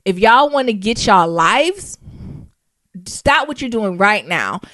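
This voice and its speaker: An American woman co-hosts a casual podcast chat, animated and full of slang, often breaking into laughter and spelling words out letter by letter. Her voice sits at a middling pitch and sounds dry and close. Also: takes it slowly, no echo. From United States. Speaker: podcast co-host.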